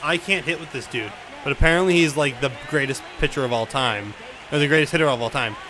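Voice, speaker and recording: A young man commenting on his own baseball video game play, venting frustration, swearing and swinging between loud outbursts and low mutters. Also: quick pace. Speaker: gaming YouTuber.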